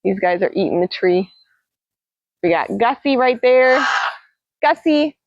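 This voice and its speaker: A woman's voice: on the high side, expressive, unhurried, no room sound, highs cut off. A woman hosting a casual livestream as a parrot trainer, chatting with viewers and cooing to her birds in a singsong voice. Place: outdoors.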